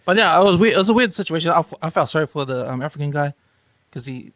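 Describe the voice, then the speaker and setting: Easygoing New man co-host, a little high, dry close recording. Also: lively intonation, fast, a bit bright, dry recording. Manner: laid-back, ends lines with "eh". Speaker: podcast co-host. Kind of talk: casual storytelling chat.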